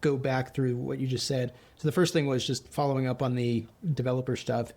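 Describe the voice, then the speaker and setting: A man hosting a podcast, chatting casually and telling lively anecdotes in which he acts out the dialogue. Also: mid-range voice, fairly quick. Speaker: podcast host. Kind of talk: casual conversational storytelling.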